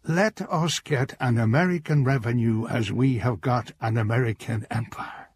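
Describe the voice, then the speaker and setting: A man's voice: medium pitch, normal speed, breathy edge, no echo, close to an everyday voice. An actor playing an 18th-century statesman giving a formal speech. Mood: orating. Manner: oratorical, declamatory.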